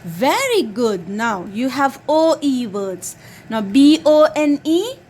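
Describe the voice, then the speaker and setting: A woman's voice: sits high, sing-song, slow pace, darkish tone, a little hiss or hum. A woman drilling her young child on phonics, patiently spelling out letters one by one and praising each answer.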